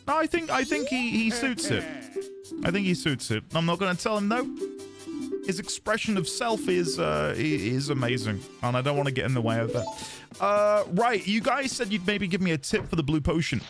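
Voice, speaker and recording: A British man streaming a video game, chatting casually with his viewers, quick to laugh and self-deprecating. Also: high voice, very animated, gravelly, over music. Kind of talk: casual live-stream chat.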